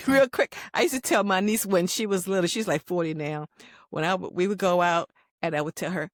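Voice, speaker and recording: A woman's voice: mid-range voice, animated, brisk, dry recording. A woman hosts an interview with a voice that rises and falls a lot. She reacts with short exclamations and laughs. Her sound is dry and close. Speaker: host. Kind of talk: interview hosting.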